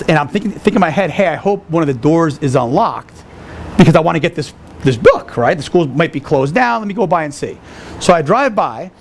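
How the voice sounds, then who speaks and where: A man's voice: a little high, a little hiss or hum. A man casually telling a personal story, acting out the dialogue and often adding "right?". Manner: animated, acts out dialogue with fillers like "right?".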